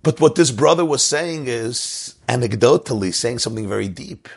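A man's voice: mid-range voice, expressive, normal speed, creaky, slightly rough. A man giving a religious talk, telling a joke as a story and drawing a lesson from it. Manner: storytelling, rising to emphasis. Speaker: Jewish religious teacher. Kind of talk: sermon with a told joke.

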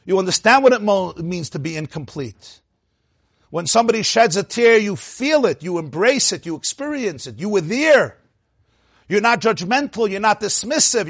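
A man giving a sermon, telling stories in an expressive way and mixing in Yiddish and Hebrew phrases. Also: sits high, slightly rough, dry recording, studio quality. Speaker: rabbi. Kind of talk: sermon with storytelling.

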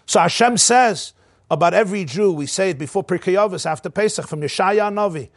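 A man giving a Torah class as a rabbi, telling stories in an animated way and mixing in Hebrew and Yiddish quotes. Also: high-pitched, brisk, dry recording, studio quality.

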